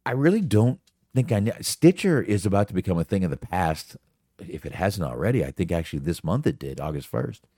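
A man's voice: low-pitched, sing-song, a little fast, mellow, no echo, clean studio sound. A man hosting a solo podcast, talking off the cuff in a rambling, profane, casual way. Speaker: podcast host.

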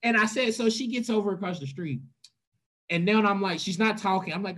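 A woman co-hosting a casual chat, telling a story bluntly with slang and swearing, acting out quotes with big swings in her voice. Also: fast talker. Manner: animated, acts out quotes with big pitch swings.

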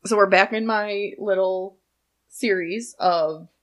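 Woman host, casual storyteller, relaxed and self-correcting on names. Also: mid-range voice, slow. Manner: relaxed, stumbles over names. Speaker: podcast host presenting a history segment. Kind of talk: casual chat.

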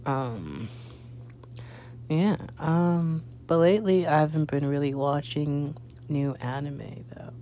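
A man's voice: on the high side, slow pace, dark tone, slight background noise. A young man hosting a casual solo podcast, rambling with many fillers and restarts. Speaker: podcast host.

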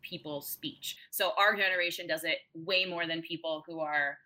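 Bright-voiced young woman explaining linguistics. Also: sits low, steady tone, moderate pace. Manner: explains patiently, heavy use of "like" and "right?". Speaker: guest linguist. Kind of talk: casual podcast explanation.

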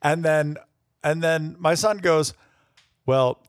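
A man's voice: medium pitch, moderate pace, no room sound, clean studio sound. A middle-aged man co-hosting a podcast, telling rambling stories in casual chat. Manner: rambling storyteller. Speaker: podcast co-host.

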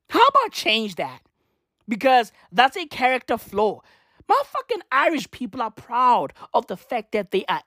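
A woman's voice: on the high side, a bit bright, no echo, clean studio sound. A young woman ranting in a profane comic monologue, slangy and repetitive, laughing at her own jokes.

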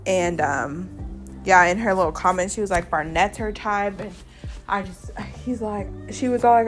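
A woman's voice: medium pitch, moderate pace, soft background music. A woman hosting a podcast, recapping a reality show in a chatty, gossipy way, acting out what people said. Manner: chatty, gossipy recap with fillers and quoted reactions. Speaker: podcast host. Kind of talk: casual chat.

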